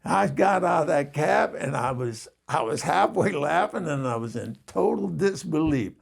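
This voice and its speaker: Gravelly husky male storyteller. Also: on the high side, expressive. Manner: chuckling, halting with fillers. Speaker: storyteller host. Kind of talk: casual spoken storytelling.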